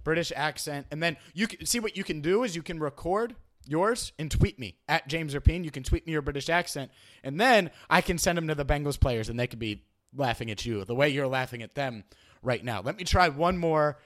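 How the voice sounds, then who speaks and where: A man's voice: a little high, animated, a little fast, a bit bright. A young man hosting a casual sports podcast, chatty and self-deprecating, often stumbling and repeating words. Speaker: podcast host.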